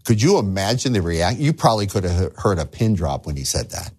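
A man preaching a sermon as a pastor, animated, acting out the voices of the figures in his story. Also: deep voice, a little fast, husky. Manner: animated, acts out voices of the figures he tells about.

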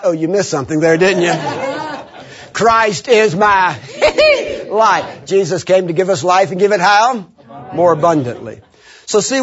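Lively preacher man, husky voice. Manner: call-and-response, repeats phrases slowly for emphasis; bursts of high laughing shouts. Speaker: preacher teaching young people. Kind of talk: lively teaching sermon. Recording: dull lo-fi recording.

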